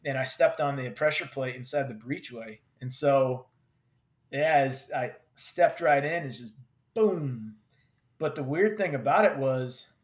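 A combat veteran telling a personal story in vivid, halting bursts with many restarts. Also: male voice, medium pitch. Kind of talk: personal story told in conversation. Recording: roomy echo.

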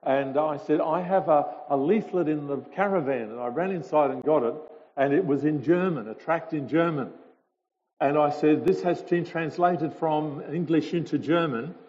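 In a church hall, a visiting speaker tells stories to the congregation in a chatty, hesitant, informal way. His voice is on the high side and a little mellow, at normal speed, and the recording sounds dull and lo-fi with a long hall reverb.

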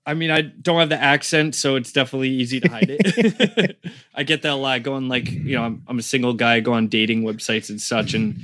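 A man's voice: medium pitch, a little fast, a bit bright. A young man from Connecticut chatting casually as a podcast guest, rambling with lots of fillers. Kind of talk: casual chat.

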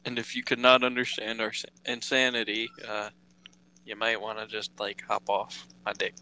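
A man's voice: on the low side, level tone, normal speed, bright, forceful tone. A young American man from Delaware co-hosting a casual podcast while gaming, swearing and joking with a laugh never far off. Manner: profane, joking, laughs often. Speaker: podcast co-host.

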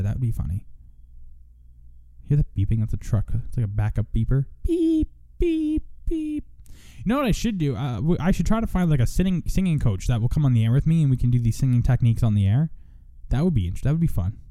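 A man's voice: mid-range voice, big pitch swings, fast talker, dark tone, no echo. A young man hosting a radio show in casual chat, rambling and self-mocking, now and then breaking into joking country singing.

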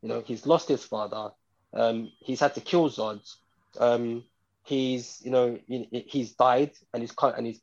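A man's voice: medium pitch, husky, lo-fi sound. A man co-hosting a podcast, chatting casually about a film in a rambling way, repeating himself with many fillers. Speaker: podcast co-host. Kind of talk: casual film review chat.

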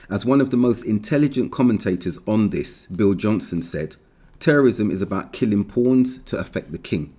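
Low, dark-voiced man reading earnestly. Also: animated, normal speed. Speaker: commentator reading an article aloud. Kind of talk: reading an opinion article aloud.

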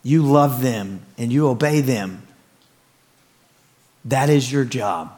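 A man pastor preaching a storytelling sermon from a church stage, animated and exclaiming as he talks. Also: medium pitch, slow pace. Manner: animated, exclaiming, laughing through stories.

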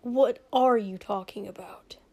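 A woman voicing a hungover, grumpy young male prince who mutters in a hoarse, whispery voice. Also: medium pitch, steady tone, slow, darkish tone. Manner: sullen, muttering.

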